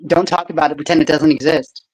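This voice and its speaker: A woman's voice: low voice, steady tone, quick pace, rough recording. A woman co-hosting a casual podcast chat, blunt and profane, laughing often. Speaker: podcast co-host.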